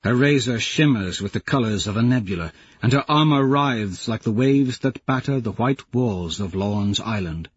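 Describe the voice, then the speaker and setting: A man narrating an audiobook in the first person, in a measured storytelling manner. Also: lowish voice, lively intonation, breathy edge, no room sound, highs cut off.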